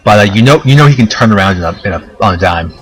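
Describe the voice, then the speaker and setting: Low-voiced man running a tabletop game. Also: quick pace, music in the background, low-quality recording. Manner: relaxed, explains rules with many fillers. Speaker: dungeon master.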